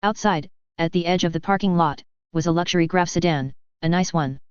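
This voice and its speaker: Woman audiobook narrator, smooth low voice, dead-dry slightly muffled sound. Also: brisk, dry recording. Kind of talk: scripted story narration.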